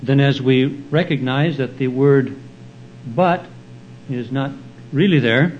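A man preaching an expository sermon, explaining Bible verses in a slow, deliberate teaching manner. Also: medium pitch, darkish tone, muffled recording, slight background noise. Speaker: pastor.

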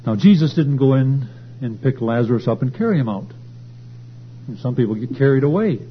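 A man preaching a sermon at a church service, swelling louder and higher as he drives his points home. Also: lively intonation, brisk. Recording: dull lo-fi recording with faint hum.

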